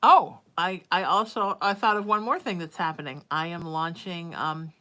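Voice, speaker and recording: Chatty woman, slightly low voice. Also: moderate pace. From Huntington Beach, California. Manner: chatty, affectionate, drifts into soft whispers. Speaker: psychic livestream host. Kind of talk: casual livestream chat.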